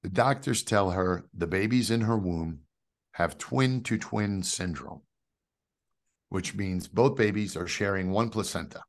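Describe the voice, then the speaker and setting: A man, telling a personal faith story as a guest, jumping from loud outbursts to hushed asides. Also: sits low, a little slow. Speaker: guest giving a faith testimony. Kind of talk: animated storytelling.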